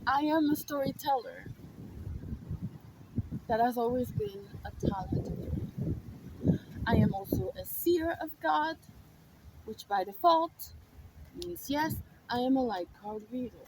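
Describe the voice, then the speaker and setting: A woman in her thirties talks slowly through a casual spiritual monologue, her voice sitting a little high. She drifts from hushed whispers into emphatic declarations, and room ambience is clearly audible behind her. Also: lively intonation, background noise. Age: 30s. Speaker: spiritual content creator.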